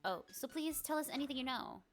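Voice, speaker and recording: An earnest young male lawyer, read aloud by a woman questions witnesses inquisitively. The voice sits slightly high, with soft game music behind it. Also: lively intonation, a little fast.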